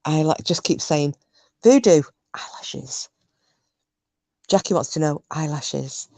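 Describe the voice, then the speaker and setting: A woman's voice: low-pitched, fairly even intonation, normal speed, a little mellow, no room sound. A woman from Scotland chatting casually on a livestream, rambling and answering viewers' comments. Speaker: livestream host. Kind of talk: casual chat with live chat viewers.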